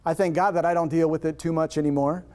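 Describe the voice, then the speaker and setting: A man with a fairly high voice speaks to a live audience as a motivational speaker. He talks with lots of energy, stacks up repeated phrases and rallies listeners to answer him. Now and then he draws on faith to make his points. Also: fairly even intonation, fast, a little mellow. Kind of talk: motivational talk with faith references.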